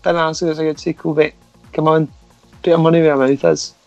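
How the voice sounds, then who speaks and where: A young Scottish man hosts a loose, jokey chat, his voice sitting a little high for a man. He teases the others, laughs easily and swears without a second thought. Soft music plays behind him. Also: level tone, quick pace, gravelly, dry recording, muffled recording. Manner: teasing, laughs often, swears freely. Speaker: podcast host. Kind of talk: casual banter.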